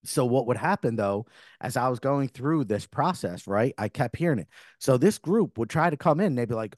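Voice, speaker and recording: Middle-aged male podcast host, mid-pitched, earnest and rambling, dry close sound. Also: expressive, normal speed, a little mellow, no echo. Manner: earnest, rambling with frequent restarts. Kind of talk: spiritual podcast monologue.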